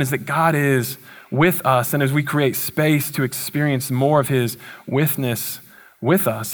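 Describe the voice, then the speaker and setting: Casual young man preaching a sermon. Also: on the high side. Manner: casual, conversational preaching with playful asides. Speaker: pastor.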